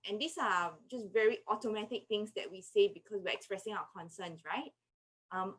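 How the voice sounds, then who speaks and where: A woman, speaking as a clinical psychologist. She explains parenting advice gently and patiently, acting out the words she would say to a young child. Her voice sits at an ordinary middle pitch. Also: slightly rough, rough recording.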